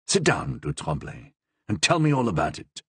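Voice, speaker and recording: A man voicing a shrewd, guarded older male cardinal in a storybook reading, speaking slowly and probingly. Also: sits low, huge pitch swings, slightly rough, dry recording, voice pushed down, exaggerated voice. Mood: measured.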